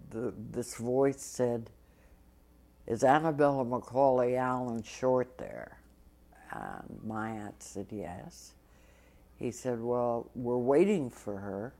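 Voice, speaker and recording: A woman's voice: a bass voice, dark tone. A woman telling a story about herself and acting out the other people's lines. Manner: acts out the other voices in her tale. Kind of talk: anecdotal storytelling.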